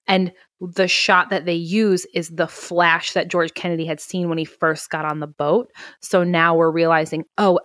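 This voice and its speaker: A woman on a podcast walks through a film scene by scene, voicing the characters herself and swearing freely. Her voice sits fairly low, and the recording is dry and close with no room sound. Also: no echo. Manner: animated retelling, swearing, acting out characters' lines. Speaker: podcast co-host. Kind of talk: casual movie recap chat.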